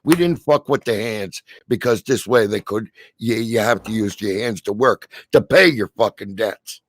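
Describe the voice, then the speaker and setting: A middle-aged man with a New Jersey accent, delivering a heated, profanity-filled rant on a stream, stammering and shouting as he goes. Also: on the low side, moderate pace, no room sound. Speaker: stream co-host. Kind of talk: angry ranting commentary.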